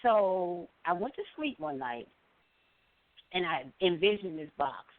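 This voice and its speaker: A middle-aged woman calling in to a show, telling a story with lively acted-out quotes. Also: on the low side, unhurried, no room sound. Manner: animated storyteller, acts out quoted voices. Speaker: caller. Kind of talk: call-in storytelling. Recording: phone line.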